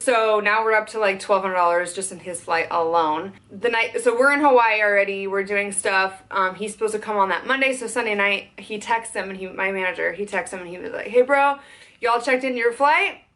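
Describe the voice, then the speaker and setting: A young woman venting in a fast, worked-up storytime vlog, swearing as she tells it. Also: mid-range voice, a bit bright. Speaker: content creator.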